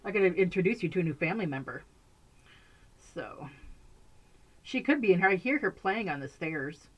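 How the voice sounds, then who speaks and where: A woman's voice: lowish voice, lively intonation, normal speed, highs cut off. A woman chatting casually to camera from a bedroom at home, rambling and laughing often. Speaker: vlogger.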